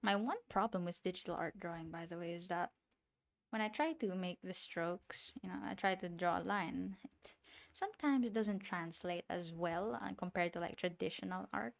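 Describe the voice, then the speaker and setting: Woman, accented english, gravelly, casual streaming chat, rambling, self-talk. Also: lowish voice, moderate pace. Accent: non-standard English accent. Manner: rambling, self-talking, giggly asides. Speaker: VTuber streamer. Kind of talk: casual chat while drawing.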